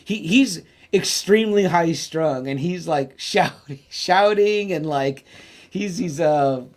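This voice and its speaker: Lively, foul-mouthed male podcast host. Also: a little high. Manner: animated, profane, acts out scenes in quick voices. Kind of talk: casual movie-review chat.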